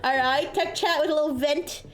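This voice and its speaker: A high-pitched woman streams from her desk microphone and chats with her viewers. She tells a story in a casual, animated way and acts out the voices of the people in it. Soft music plays quietly behind her. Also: moderate pace.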